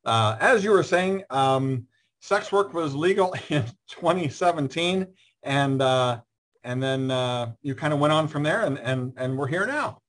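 Man, slightly high voice, show host, friendly, halting, video call. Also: animated, fairly bright tone. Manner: friendly, halting, many fillers. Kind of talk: casual show hosting.

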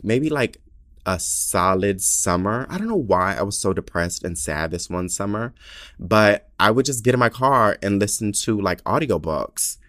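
A man hosts his own podcast in loose, chatty talk, candid, profane and quick to poke fun at himself. His voice sits a little low. It is recorded close and dry on a small mic. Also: fairly bright tone, no room sound. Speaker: podcast host. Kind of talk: casual chat.

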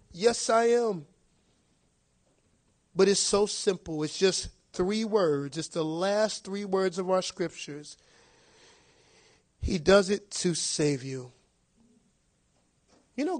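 A man preaching a sermon with a rather high voice. He talks in a conversational, direct way and keeps asking his listeners rhetorical questions. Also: lively intonation, a little slow, long pauses.

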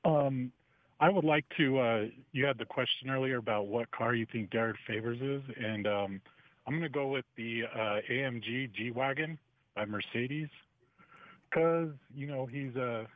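A man calling in to a sports radio show, talking haltingly with many fillers. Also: mid-range voice, no echo. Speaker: caller. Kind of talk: phone-in chat. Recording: tinny phone line.

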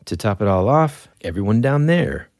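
A man casually telling a funny story, laughing often and acting out shouted lines. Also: fairly low pitch, moderate pace, dry recording, clean studio sound. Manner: animated, laughs often, acts out yells.

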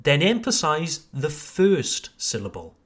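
A man teaches pronunciation on a podcast, with a somewhat high voice that rises and falls freely. He speaks slowly and with emphasis, modelling words carefully for his listeners. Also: big pitch swings, slightly rough. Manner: slow, emphatic modelling of words, addresses listeners as ladies and gentlemen.

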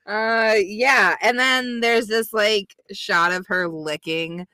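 A woman co-hosting a podcast, laid-back and giggly, swearing casually in relaxed chat. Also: medium pitch, takes it slowly, dry recording. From United States. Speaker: podcast co-host.

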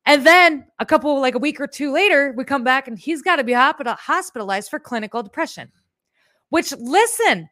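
A sassy, chatty woman hosts a live stream and talks straight to her viewers, throwing in profane asides. Her voice sits a little high, and the close mic sounds dry with no room echo. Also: moderate pace, sharp tone. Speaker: host of a live show. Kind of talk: casual live-stream chat.

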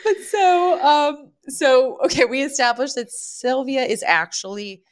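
Lively-voiced woman in casual chat. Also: sits high, a little slow. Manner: chatty, acts out quoted lines. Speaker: podcast co-host. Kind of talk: casual chat recapping a TV episode.

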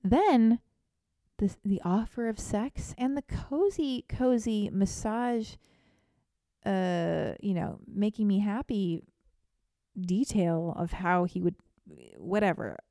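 Warm-voiced woman telling a comic story. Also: medium pitch, slow pace, dry recording, studio quality. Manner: animated, self-deprecating, theatrical. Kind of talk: comedic storytelling monologue.

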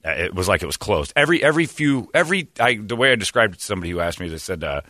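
A man telling comic stories in a rambling, animated way and often laughing mid-sentence. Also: low-pitched, racing, hardly any pauses, no echo, clean studio sound. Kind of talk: comedic storytelling.

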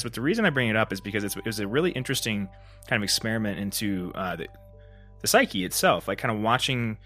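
A man hosting a solo podcast, telling a story in a rambling, casual way, full of fillers and restarts, and lively when he acts out the moments. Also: medium pitch. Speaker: podcast host.

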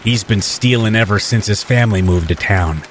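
A man voicing a creepy older man who talks in a low, slow, matter-of-fact drawl, over steady rain. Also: background noise, natural voice. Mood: coldly calm.

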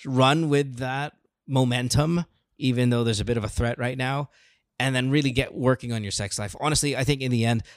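A man's voice: medium pitch, fairly quick, no echo, clean studio sound. A man hosting a call-in advice show, blunt and profane with emphatic stresses. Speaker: host. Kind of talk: casual advice chat.

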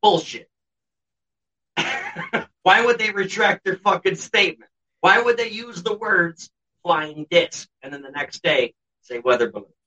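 A man's voice: high voice, moderate pace, bright, forceful tone. A man co-hosting a podcast, telling a story in a blunt, sarcastic way, swearing constantly. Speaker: podcast co-host. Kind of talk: casual podcast chat. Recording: dull lo-fi sound, distant from the mic.

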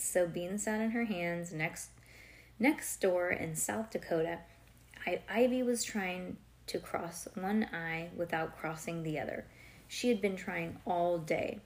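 Woman reading a children's storybook aloud. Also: lowish voice. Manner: lively, breaks off to chat and joke with a listener nearby. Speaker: reader of a children's book.

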